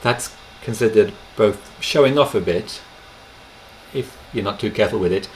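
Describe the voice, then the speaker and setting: A man teaching a language lesson to camera, explaining in an unhurried way with gentle pauses, recorded on a webcam microphone. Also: on the low side, a little hiss or hum, low-quality recording.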